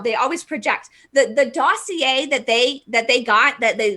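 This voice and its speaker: On a live vlog, a woman reads viewer comments and launches into a passionate political rant full of emphatic stress and stumbling restarts. Her high voice sounds pushed and bright.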